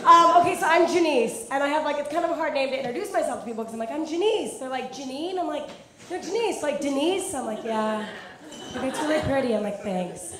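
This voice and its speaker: A young woman performs stand-up in a club, her high voice chatty and quick to break into giggles. The room rings with echo and a crowd murmurs and laughs around her. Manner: chatty, peppered with "like", laughs at own jokes. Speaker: stand-up comedian. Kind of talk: stand-up set. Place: comedy club with live audience. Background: audience laughter.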